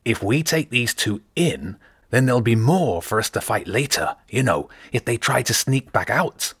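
A smooth, self-assured rat who talks his way past anyone, put on by a male narrator. He speaks in a persuasive, easy manner, a touch higher than the reader's own low voice. The sound is close and dry. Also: lively intonation, normal speed, fairly bright tone, dry recording. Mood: scheming. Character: smooth confident male rat mercenary leader.

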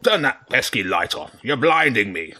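Grumpy old badger king played by a male reader: barking, bossy, lively swooping pitch, sharp bright edge, storybook character. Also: normal speed, exaggerated voice.

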